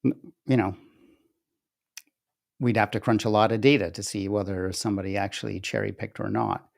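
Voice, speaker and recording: A political commentary host with a low, creaky, expressive voice talks over charts on his screen at a moderate pace. He rambles and restarts, then turns emphatic and incredulous in this casual screen-share commentary.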